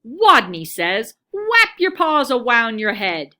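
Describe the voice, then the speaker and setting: A woman voicing a tiny, shy boy rat who squeaks and turns his r sounds into w sounds. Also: big pitch swings, slow, sharp tone, full character voice. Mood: timid.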